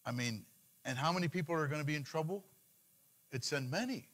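A man preaching a sermon, asking the congregation questions and answering them himself, rising loud and high for emphasis and dropping low and quiet for scripture. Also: lively intonation, brisk. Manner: preaching with call-and-response questions. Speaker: pastor.

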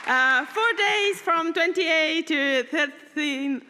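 A woman announcing conference details in a slow, halting way with many fillers. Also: very high voice, lively intonation, over a noisy crowd, heavy background noise. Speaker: conference organizer. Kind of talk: lightning talk announcement. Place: large conference hall. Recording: reverberant hall with audience.

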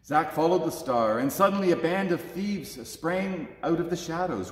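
A man reading a children's story aloud at a church service, with expressive, lively delivery in an echoey church. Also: mid-range voice, moderate pace, few pauses. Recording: echoey church with long reverb.

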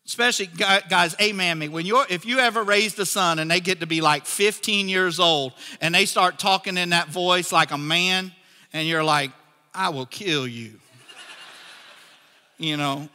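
A man preaching a sermon as a pastor, telling a story with lively acted-out dialogue. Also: high-pitched, moderate pace, long reverb tail. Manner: animated storytelling, acts out characters in dialogue.

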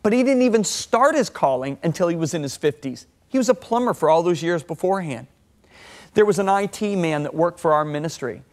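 A man in his sixties, speaking as a guest on a TV talk show. He tells stories with a sermon-like drive, his voice sitting a touch high and leaping higher when a story peaks. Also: brisk. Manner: lively, swings pitch up and down while telling stories.

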